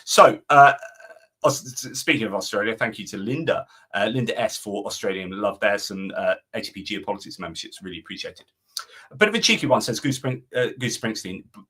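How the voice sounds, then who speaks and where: A man's voice: medium pitch, animated, brisk, fairly bright tone, breathy edge. Chatty man hosting a live stream. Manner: rambling, chatty, opinionated. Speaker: host. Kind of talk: live-stream chat reading viewer comments.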